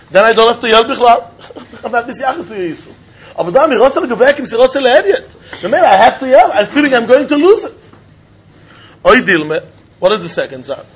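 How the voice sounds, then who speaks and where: A man teaching a Talmud lesson in an animated, sing-song way, often laughing. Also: very high-pitched, breathy edge. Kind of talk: Talmud study lecture. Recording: dull lo-fi recording.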